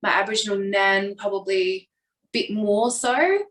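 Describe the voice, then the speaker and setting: A woman's voice: mid-range voice, fairly bright tone, a little hiss or hum. A woman in her twenties from Australia, a guest telling her personal story openly and reflectively. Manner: open, reflective, with quick bursts when retelling. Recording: echoey room, voice a bit far from the mic.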